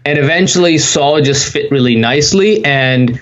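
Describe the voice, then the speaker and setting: A man answering interview questions in a relaxed, conversational way, telling anecdotes. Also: on the high side, moderate pace, lo-fi sound. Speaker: podcast guest.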